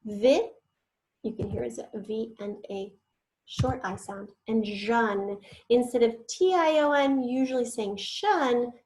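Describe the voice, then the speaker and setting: A woman's voice: on the high side, takes it slowly, a little mellow, poor audio. A woman teacher giving an online spelling lesson, patiently sounding out words syllable by syllable and sometimes whispering the letters.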